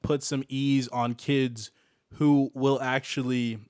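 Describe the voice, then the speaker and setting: A man's voice: mid-range voice, level tone, slow pace, darkish tone, clean tone, no echo, studio quality. A man co-hosting a podcast, talking casually in a joking, laid-back way. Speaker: podcast co-host. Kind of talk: casual chat.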